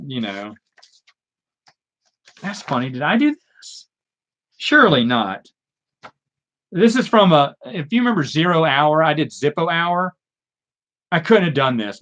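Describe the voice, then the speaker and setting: On a casual live stream, a man hosts a Q&A, chatting and rambling with plenty of fillers, restarts, and self-deprecating asides. His voice is medium-pitched and a bit bright, though the audio is dull.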